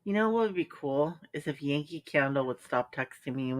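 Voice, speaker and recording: A woman's voice: deep voice, animated, a little fast, hardly any pauses. A woman hosting a live stream, chatting casually and bluntly with viewers, sarcastic and full of ums. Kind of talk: casual chat reacting to viewer comments.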